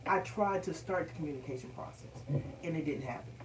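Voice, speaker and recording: A woman's voice: low-pitched, a little fast. Woman, 40s, podcast guest, open and emotional, heard from a distance with faint background noise. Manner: emotional, confessional, repeats words. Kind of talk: candid interview conversation. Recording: echoey room, distant mic, faint noise.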